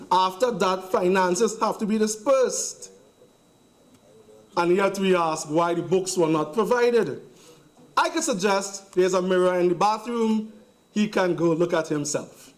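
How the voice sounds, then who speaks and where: A man with a Trinidadian accent giving a sarcastic, emphatic speech in a parliamentary debate, hammering points through repetition. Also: high voice. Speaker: member of parliament. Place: parliament chamber.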